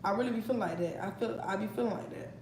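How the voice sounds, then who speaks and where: A woman's voice: mid-range voice, racing, darkish tone, slight background noise. Blunt, profane young woman venting. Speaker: vlogger. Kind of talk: casual storytime vlog. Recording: echoey room with faint ambience.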